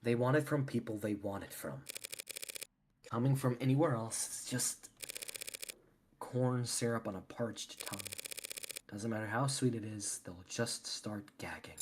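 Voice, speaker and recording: A man's voice: mid-range voice, unhurried, pauses often, background noise, lightly acted. A man voicing an impatient, sardonic male detective in a live fan voice acting of a visual novel, with blunt, swearing delivery. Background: game music.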